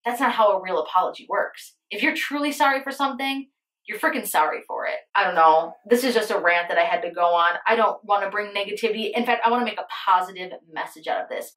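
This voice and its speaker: A young woman rants candidly to the camera in a casual storytime vlog, swearing freely and stressing her points hard. Her voice sits at an ordinary pitch for a woman. The sound carries a roomy, echoey ring from the room at home. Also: fairly quick, a bit bright. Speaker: beauty vlogger.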